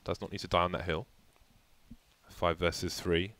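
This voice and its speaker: A man casting a live esports match, with excitable, jokey play-by-play. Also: deep voice, normal speed. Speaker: esports caster.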